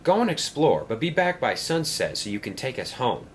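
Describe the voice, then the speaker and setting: A man's voice: medium pitch, sing-song, normal speed, slight background noise, pitched above the performer's own voice, lightly acted. A man voicing a practical male railway workman who gives kindly instructions. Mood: instructing.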